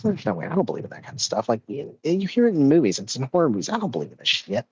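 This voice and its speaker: A man's voice: mid-range voice, wildly swooping pitch, husky, no room sound, lo-fi sound, voice pushed up, exaggerated voice. A man doing a scoffing skeptical husband. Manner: scoffing, quick. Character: skeptical, dismissive adult husband.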